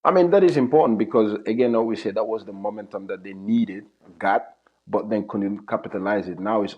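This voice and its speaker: A soccer coach chats casually while analyzing a live match, speaking earnestly and often repeating or restarting phrases. His voice is fairly low, dark, and breathy, delivered briskly, and the audio is dull.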